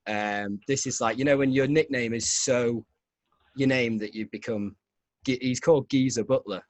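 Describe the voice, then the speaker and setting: A man telling a rambling story in casual podcast chat, laughing along as he goes. His voice is mid-pitched and the sound is dry and close. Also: steady tone, normal speed, no echo. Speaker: podcast host.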